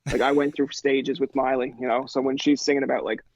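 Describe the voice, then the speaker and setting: A man in his thirties talking casually on a podcast. He tells stories in an animated way, acts out what people said, and fills his speech with "like.". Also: mid-range voice, fast talker, no echo, low-quality recording. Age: 30s. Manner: animated storyteller, acts out quotes, says "like" a lot.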